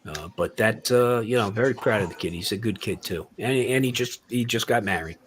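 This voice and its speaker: A man's voice: fairly low pitch, a little fast, slight background noise. Rambling older man hosting a chat. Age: 60s or older. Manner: rambling, many fillers and restarts. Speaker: host. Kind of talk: casual group chat.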